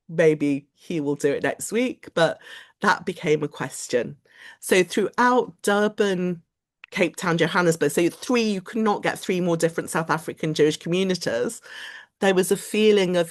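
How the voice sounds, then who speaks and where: A woman giving a lecture in a chatty, animated storytelling manner, often quoting other people's voices. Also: fairly low pitch. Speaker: guest lecturer. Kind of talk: lecture to a study group.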